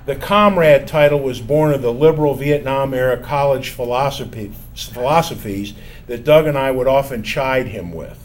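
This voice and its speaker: An older man telling a personal story from his college years in a measured, wry, self-mocking way. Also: medium pitch, slight background noise.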